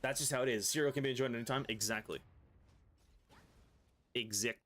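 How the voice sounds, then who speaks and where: A young Australian man talks to his viewers while he plays, easygoing and a little rambling. He drops casual swears into the chat. His voice sits at an ordinary middle pitch for a man. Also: brisk, a bit bright. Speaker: gaming streamer.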